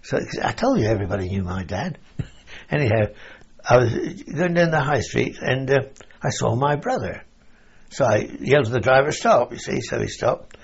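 A man's voice: medium pitch, animated, normal speed, vocal fry, slightly rough. An older man from England, telling wartime memories in a rambling oral-history interview, chuckling and saying "you see" as he goes. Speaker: veteran interviewee. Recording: dull lo-fi recording.

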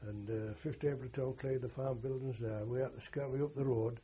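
In a dull, lo-fi interview recording, an older veteran tells a lengthy oral-history story in a rough, earthy, wandering style, frequently stopping to fix what he said. He speaks at a moderate pace in a steady, medium-pitched voice that is dark and very husky.

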